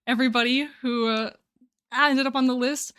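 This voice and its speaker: A woman's voice: sits high, steady tone, normal speed, fairly bright tone, smooth. A young woman hosting her live stream, chatting casually, bubbly and a little flustered, laughing often. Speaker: livestream host.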